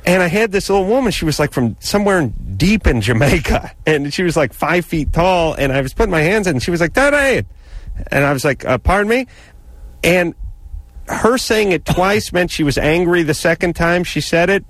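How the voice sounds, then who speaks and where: A man's voice: a little high, a little fast, no echo. Sardonic male radio co-host. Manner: sardonic, rambling storyteller. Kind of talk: casual radio chat.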